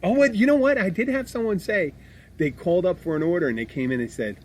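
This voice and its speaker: A man's voice: sits high, fast, darkish tone, a little hiss or hum. A man from Philadelphia hosting a casual podcast chat, blunt and abrasive, swearing freely and restarting his sentences as he rambles. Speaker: podcast host.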